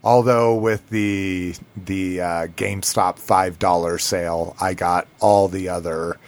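Slow-talking man hosting a casual podcast. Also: low-pitched, steady tone. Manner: loose, swearing, laughing banter. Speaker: podcast host. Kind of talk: casual chat.

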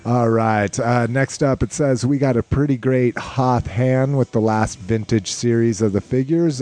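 A man with a mellow, mid-range voice hosts a casual podcast. He reads listener questions aloud and chuckles often, easygoing throughout.

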